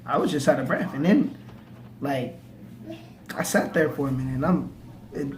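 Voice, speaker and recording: A man's voice: mid-range voice, normal speed, a little hiss or hum. A young man casually telling a personal story in slang, with stammered restarts. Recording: echoey room, faint ambience.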